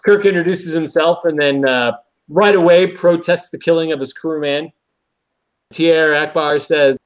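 A man's voice: fairly high pitch, a little slow. A man co-hosting a podcast, casually recapping an episode and acting out quoted lines. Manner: animated retelling with quoted lines. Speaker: podcast co-host.

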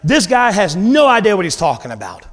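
Man, preacher, sermon, storytelling, lively, long hall reverb. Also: high voice. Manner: conversational storytelling, animated, dramatic pauses.

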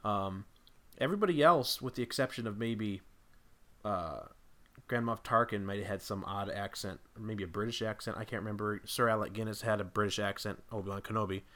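A man with a fairly low voice talks casually as a podcast guest. He rambles, restarts his sentences and thinks aloud as he builds up an idea. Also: a little fast, pushed and bright.

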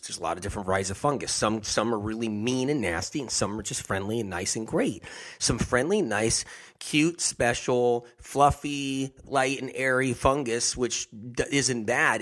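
A man talking at a middle pitch through a loose, unscripted health monologue. He rambles, circles back to the same phrases and chuckles at his own tangents. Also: a bit bright. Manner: rambling, repeats phrases, laughs at himself. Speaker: health talk host.

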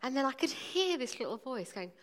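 A woman in her forties preaching, telling a personal story in a lively, humorous way. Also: sits high, brisk.

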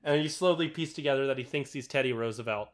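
A man's voice: mid-range voice, fast talker. A young man chatting casually about a movie, rambling with lots of fillers and swearing. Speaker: podcast co-host.

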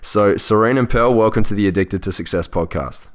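An Australian man hosts a podcast, moving from a sponsor read into a friendly interview. His voice sits fairly low, and he talks in an upbeat, salesy way. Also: a little fast. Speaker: podcast host.

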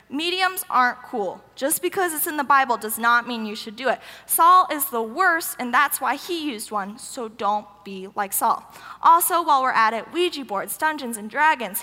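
A woman's voice: high voice, pushed and bright. A young woman giving a casual, sarcastic, emphatic sermon in a church hall. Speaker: youth speaker. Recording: roomy hall with long echo.

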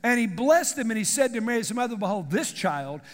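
A male pastor, preaching a lively sermon and calling out to the congregation. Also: very high voice, fairly quick. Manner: animated preaching, calls to the congregation. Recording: long hall reverb.

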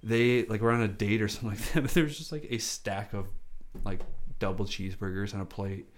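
A man's voice: lowish voice, steady tone, brisk, slight background noise. A man chatting casually, rambling with lots of fillers and frequent laughs. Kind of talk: casual chat.

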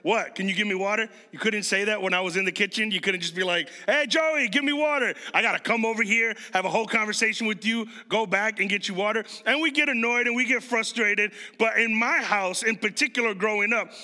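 Speaking fast and high with hardly any pauses, a thirty-something preacher from Chicago gives a chatty sermon and puts questions to his congregation. His voice is pushed and bright, and the big hall adds long reverb.

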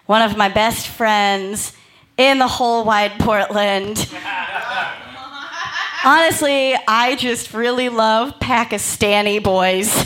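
A woman joins a comedy table read with teasing jokes. She speaks slowly in a slightly high voice, and clear background noise can be heard behind her. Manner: joking, teasing. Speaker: cast member.

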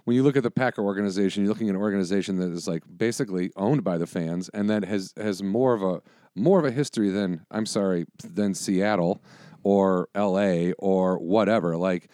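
A man's voice: sits low, fairly quick, dark tone, no echo, clean studio sound. A man in his forties chatting casually, telling rambling, profane stories full of restarts. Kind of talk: casual chat.

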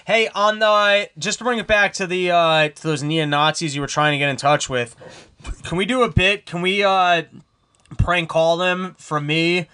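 A man's voice: high voice, moderate pace, sharp tone, clean tone. A man hosting a casual podcast chat, emphatic and profane. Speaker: podcast host.

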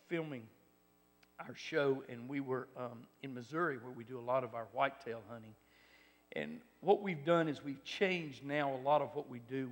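A man preaches in a gravelly voice, his words ringing with the long reverb of a large hall. He shifts between loud exhortation and hushed, near-whispered passages. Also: mid-range voice. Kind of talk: sermon testimony.

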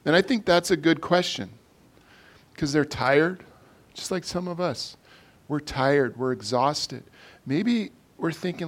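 A man's voice: mid-range voice, normal speed. A man preaching a casual sermon to a congregation, talking in a loose, conversational way full of fillers and restarts.

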